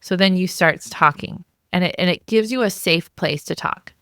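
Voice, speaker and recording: A woman's voice: lowish voice, normal speed, no echo, clean studio sound. Chatty woman coaching on a podcast. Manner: warm, conversational, with many fillers and restarts. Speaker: life coach and podcast host. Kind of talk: podcast self-help talk.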